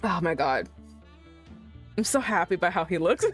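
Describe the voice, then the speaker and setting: A young woman streamer reacting loudly and profanely while playing a romance visual novel. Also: lowish voice, expressive, normal speed, slightly rough. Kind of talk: live-streamed gameplay reaction. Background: faint music.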